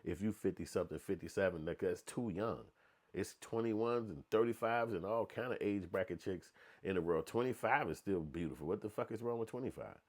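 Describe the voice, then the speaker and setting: A man with a lowish voice runs through a blunt opinion rant, heavy with slang and cursing. He talks loosely and keeps slipping into other voices to act out what people said. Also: a little fast, a little mellow. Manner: blunt, profane, slangy, acts out quotes in voices. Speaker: commentator.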